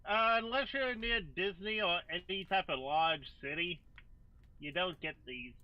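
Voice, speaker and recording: High bright guy cracking deadpan jokes, muffled lo-fi call sound. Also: a little slow. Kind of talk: casual group chat.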